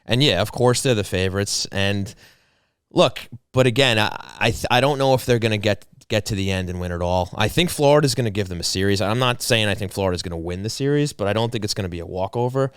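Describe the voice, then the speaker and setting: A low, smooth-voiced man co-hosts a hockey podcast. He chats casually about the playoffs and turns animated and loud for sponsor reads. The sound is close and dry. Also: fast, no room sound. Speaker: podcast co-host. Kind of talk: casual hockey talk and live-read ads.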